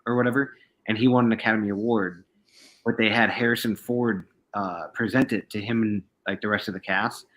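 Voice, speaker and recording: A man's voice: lowish voice, steady tone, a little fast, fairly bright tone, low-quality recording. Rambling, profane man in casual chat. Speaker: podcast co-host.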